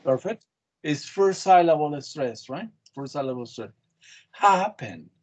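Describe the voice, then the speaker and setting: A man's voice: a little high, expressive, moderate pace, mellow. A man teaching an English class, quizzing students on spelling with short, patient prompts. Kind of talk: online class drilling spelling.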